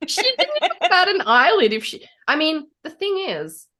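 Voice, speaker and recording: A woman from a Commonwealth country co-hosting a podcast in casual chat, giggly and animated, often slipping into playful voices. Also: high voice, measured pace. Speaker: podcast co-host.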